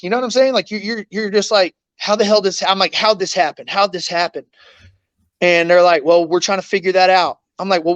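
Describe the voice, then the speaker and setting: A man's voice: high voice, a bit bright, dry recording, highs cut off. A man, an interview guest telling a painful story in raw, blunt words, swearing often and acting out what others said.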